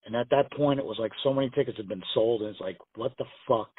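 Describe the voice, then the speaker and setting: Speaking quickly with a breathy edge, this medium-pitched man is a pro wrestler guesting on a call-in interview. The phone line sounds tinny and dry as he rambles through profane, casual stories, acting out the quotes.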